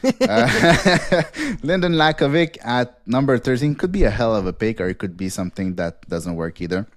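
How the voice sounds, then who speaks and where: Man rattling off a fast rundown. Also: mid-range voice, animated, dry recording, clean studio sound. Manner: rapid rundown with fillers and laughs. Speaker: podcast host. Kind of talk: casual podcast chat.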